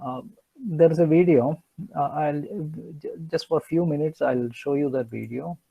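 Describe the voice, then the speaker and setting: A man's voice: a little high, moderate pace, vocal fry, warm tone, husky, low-quality recording. A man giving an online engineering lecture, hesitant with many fillers and restarts.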